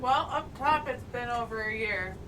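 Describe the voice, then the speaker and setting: High-voiced woman player chatting at a game table. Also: lively intonation, music in the background. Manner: chatty, joking, quick asides. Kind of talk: casual tabletop game chat. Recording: distant mic with background noise.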